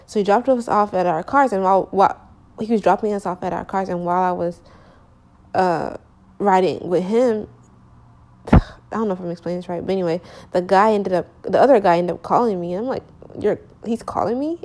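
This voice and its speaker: A woman's voice: fairly low pitch, brisk, darkish tone. Rambling young woman telling a story. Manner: rambling, lots of fillers and slang, self-correcting. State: sleepy, yawning. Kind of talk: casual storytelling.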